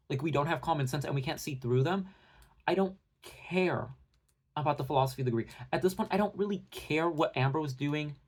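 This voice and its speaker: A young man delivering a heated, profane, sarcastic rant to his viewers, talking in fast bursts with many fillers. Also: fairly high pitch, a little mellow, husky. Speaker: commentary channel host.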